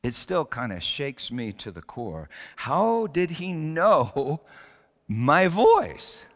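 A man preaches with a lively, swinging pitch, climbing to emphatic peaks and falling to hushed lines. His voice carries a long reverb tail from a large hall. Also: takes it slowly. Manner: dramatic storytelling with rising emphatic peaks. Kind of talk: sermon.

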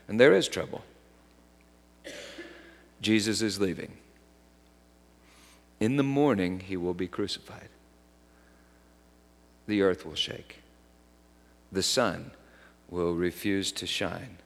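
A man preaching a sermon, swinging from loud, raised lines to hushed, dropped ones. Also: deep voice, slow pace, creaky, long pauses. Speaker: pastor. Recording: long hall reverb.

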